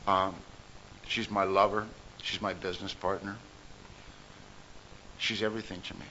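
A winded man giving a personal recovery testimony to a meeting room, telling his story earnestly and swinging between loud and hushed. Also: fairly low pitch, slight background noise. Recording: dull lo-fi recording.

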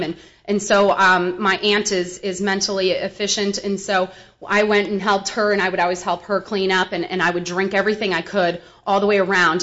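A woman's voice: mid-range voice, fairly bright tone. A woman from the American Midwest giving a frank, humorous personal testimony at a recovery meeting, rambling with many fillers. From Milwaukee, US Midwest. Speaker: speaker sharing at a recovery meeting. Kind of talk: personal testimony, casual storytelling. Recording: dull lo-fi recording.

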